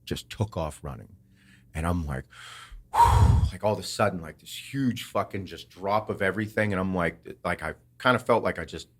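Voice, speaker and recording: A man hosting a podcast, telling a story in a casual, animated way, swearing often and acting out what others said. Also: low-pitched, moderate pace. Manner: animated, swears a lot, acts out quotes. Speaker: podcast host.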